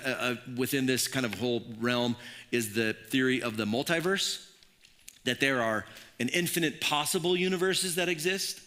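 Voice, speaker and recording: A man preaching a casual, conversational sermon in a church, animated and full of asides and restarts. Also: medium pitch. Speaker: pastor.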